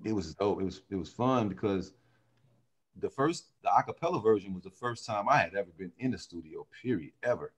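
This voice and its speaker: A man who sings in a vocal group, telling animated stories in a casual interview and often laughing. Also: on the low side, fairly quick, slightly rough. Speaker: singer in a vocal group, guest.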